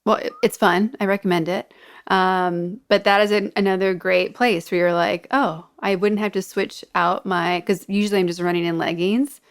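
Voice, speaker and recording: A woman hosts a podcast in a relaxed, friendly way. She chats easily and asks her guest questions in a mid-range voice. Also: mid-range voice, moderate pace. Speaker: podcast host. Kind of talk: casual interview chat.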